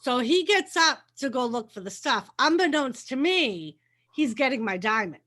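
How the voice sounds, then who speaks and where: A high-pitched woman telling a story in relaxed chat. She laughs often and bounces into little acted-out quotes as she goes. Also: normal speed.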